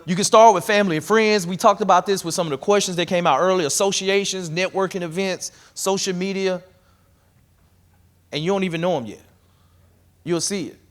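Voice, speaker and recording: Speaking briskly in a voice that sits high, this man coaches a roomful of people on real estate investing at a live workshop. His delivery is lively and conversational.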